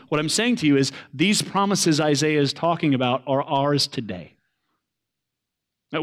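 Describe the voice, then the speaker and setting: Earnest male preacher, rising and falling. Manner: earnest preaching, swells loud then drops low. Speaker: pastor. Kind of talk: sermon.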